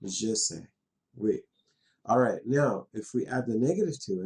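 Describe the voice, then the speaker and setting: A man's voice: on the low side, expressive, measured pace, darkish tone. A middle-aged man from western Canada teaching a class, patient and chatty, laughing now and then as he explains. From Canada, West Coast. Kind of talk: classroom lesson in a virtual world.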